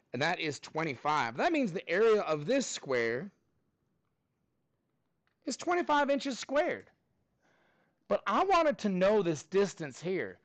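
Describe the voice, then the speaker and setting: Energetic man teaching math, cheerfully quizzing a class in a high, animated voice. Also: no echo. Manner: upbeat, prompting students for answers.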